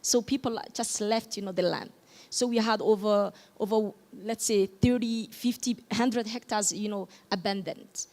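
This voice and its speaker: A woman's voice: medium pitch, unhurried, darkish tone. Woman from Djibouti, a Somali speaker, talking at a panel in English, stopping often to find words. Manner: hesitant, searching for English words. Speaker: panelist, farmer and podcaster. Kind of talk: panel discussion.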